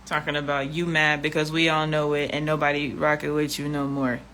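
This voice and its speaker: Woman vlogger, bright forceful tone, blunt and profane. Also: deep voice, flat delivery, fairly quick, slight background noise. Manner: blunt and profane, exasperated, repeats herself. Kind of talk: casual livestream rant.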